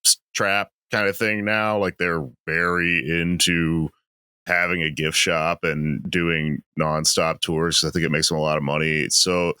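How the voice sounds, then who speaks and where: A man's voice: sits low, little pitch movement, unhurried, sharp tone, clear, resonant tone, dry recording. A man co-hosting a podcast, chatting in an offhand, wry way. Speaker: podcast co-host. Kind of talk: casual chat.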